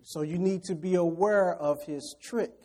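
High-voiced, animated male preacher. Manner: animated, swings from quiet scripture reading to loud, quick preaching; chuckles between points and talks straight to the congregation. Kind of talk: sermon.

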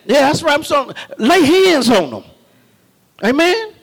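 A man preaching a sermon, folksy and calling on the congregation, rising to shouts. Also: very high voice, very animated, unhurried, vocal fry. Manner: call-and-response, folksy, shouting at peaks.

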